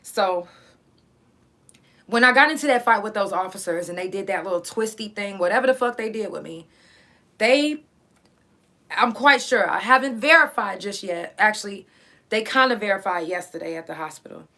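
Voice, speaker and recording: A woman's voice: medium pitch, lively intonation, normal speed, long pauses, bright, forceful tone. A woman, host of her own show, telling a personal story in a blunt, profane way, in pain and close to tears. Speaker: podcast host. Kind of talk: personal story, casual monologue.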